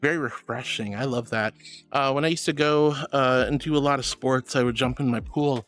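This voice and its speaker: A man's voice: mid-range voice, fairly even intonation, moderate pace, fairly bright tone, faint music behind. A bubbly, affectionate man streaming and chatting casually as he reads out viewer messages. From Florida. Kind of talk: casual chat reading messages.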